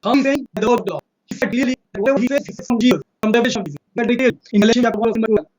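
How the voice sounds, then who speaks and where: Indian guy ranting super fast in a religion debate, high voice, keeps repeating himself. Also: darkish tone, rough recording. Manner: insistent, repeats points, cites verses rapidly. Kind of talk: fast polemical debate monologue.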